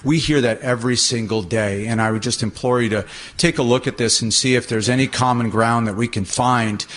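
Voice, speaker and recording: Male property manager, public comment, earnest and formal, average pitch. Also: fairly even intonation, brisk, a bit bright. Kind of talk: public comment at a city council meeting.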